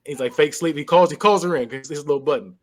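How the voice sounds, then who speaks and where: A man's voice: fairly high pitch, fast. A man casually recapping a movie on a podcast, acting out the characters' lines with laughs. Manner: animated storytelling, acts out characters' lines with laughs. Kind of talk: casual chat.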